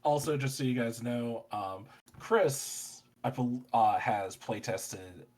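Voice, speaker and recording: A man's voice: medium pitch, takes it slowly, darkish tone. A man running a tabletop game, chatting casually afterward and rambling with lots of fillers. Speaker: game master. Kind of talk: casual post-game chat.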